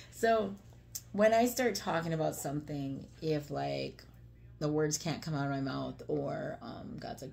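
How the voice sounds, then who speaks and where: Low gravelly woman, earnest chatty faith talk. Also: slight background noise. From United States. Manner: chatty, earnest, frequent fillers and rhetorical "right?". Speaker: faith vlogger. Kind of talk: casual devotional talk.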